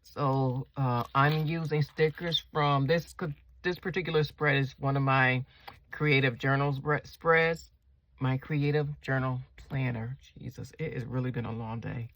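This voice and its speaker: Slow, gravelly-voiced woman chatting while crafting. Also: rumbling low, no room sound. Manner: chatty, asks viewers questions; rambling, slow and relaxed. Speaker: planner vlogger. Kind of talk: casual chat while decorating a planner.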